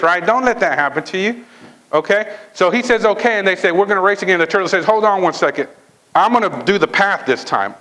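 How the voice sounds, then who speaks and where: A man giving a motivational talk at a sales training event, telling a fable in a lively way and often checking in with the audience. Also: high voice, poor audio. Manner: lively storytelling, checks in with "right?" and "okay?".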